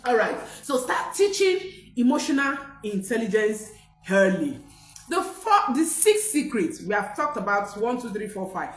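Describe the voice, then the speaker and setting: A woman's voice: fairly high pitch, very animated, normal speed. Lady parenting coach, big swooping voice, preachy repeats, echoey room w/ faint music. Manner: emphatic, preacher-like repetition, rising to near-shouts. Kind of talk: motivational talk to camera.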